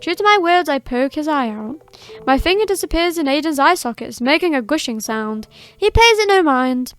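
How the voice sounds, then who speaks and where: A woman plays a cheerful little morbid girl from a horror game, high-pitched and sweet. She teases and shrugs off gruesome things as if they were nothing, with soft music beneath. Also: expressive, moderate pace. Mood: teasing. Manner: sweet, teasing, unbothered by death. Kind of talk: reading game dialogue aloud.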